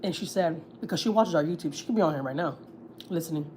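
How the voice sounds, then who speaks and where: A woman's voice: sits low, fast, a little mellow, a little hiss or hum. A woman, a family vlogger, tells gossip on a livestream in a blunt, heated, profane way. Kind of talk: casual storytelling, gossip.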